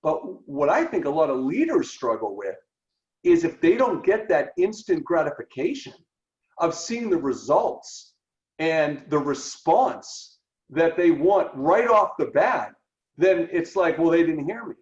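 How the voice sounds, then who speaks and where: A man's voice: fairly high pitch, measured pace. A man co-hosting a podcast, his voice leaping up and down as he acts out bits of dialogue. The recording is roomy and dull, with a lo-fi edge. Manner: animated, acts out quoted dialogue. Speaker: podcast co-host. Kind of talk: conversational podcast discussion.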